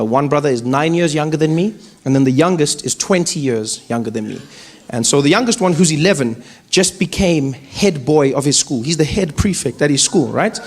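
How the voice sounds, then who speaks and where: A man doing stand-up storytelling, animated and often laughing as he tells the story. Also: on the high side. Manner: animated, laughing, plays voices. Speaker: stand-up comedian. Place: comedy stage with live audience. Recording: live stage recording with background noise.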